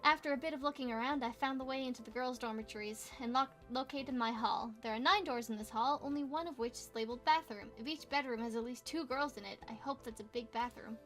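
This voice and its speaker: A young woman reading a visual novel aloud as a gamer, playful, with quick asides and exclamations. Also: on the high side, a bit bright, soft background music. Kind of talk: casual let's play reading with asides.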